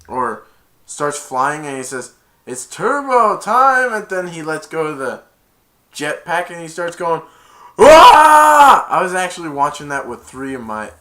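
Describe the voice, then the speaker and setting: A young man casually retelling a movie plot as an amateur reviewer, rambling and jumping into loud, high voices for the characters.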